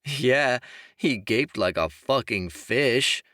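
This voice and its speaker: A man's voice: mid-range voice, expressive, slow pace, sharp tone, no echo, clean studio sound, voice pushed up. A man doing a flustered young guy. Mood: teasing. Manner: teasing then stammering. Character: awkward teasing young man, blushes easily. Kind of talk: audiobook character voice.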